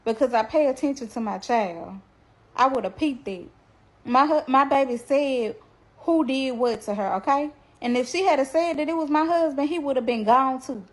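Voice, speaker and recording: A young woman speaks directly to her viewers in a plain, colloquial way. Her voice sits a little high, and her delivery is blunt and earnest as she tells her story to the camera. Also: normal speed, poor audio. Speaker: mother telling her family's story to viewers. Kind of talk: casual direct-to-camera testimony.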